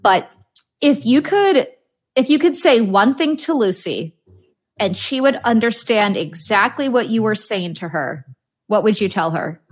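A woman's voice: fairly high pitch, lively intonation, unhurried, husky. A woman hosting a casual podcast interview, friendly as she asks her questions. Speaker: podcast host.

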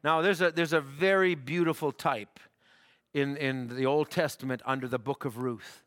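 A man preaching a sermon, halting and repeating words, then building to emphatic declarations. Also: a little high, steady tone, a bit bright.

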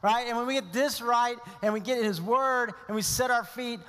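A man's voice: very high-pitched, moderate pace, fairly bright tone, long reverb tail. A middle-aged male pastor giving a sermon, telling a story in a conversational way with asides.

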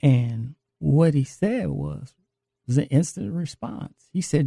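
A man tells his faith testimony in an earnest, confessional way. He speaks slowly, in a mellow voice with a gravelly edge. The sound is dry and close. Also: a little high, dry recording. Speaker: guest sharing a recovery testimony.

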